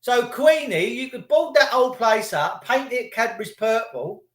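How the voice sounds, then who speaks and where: Sweary ranting man, high voice. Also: animated, unhurried. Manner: profane, sarcastic, rambling. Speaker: livestream host. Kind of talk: ranting live monologue. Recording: echoey room.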